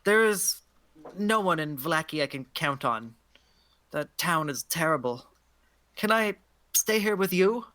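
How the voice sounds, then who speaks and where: A woman voicing a shaken, timid young woman in a tabletop game, speaking hesitantly with halting starts. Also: low-pitched, expressive, fairly bright tone. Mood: pleading. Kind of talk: tabletop role-play character voice.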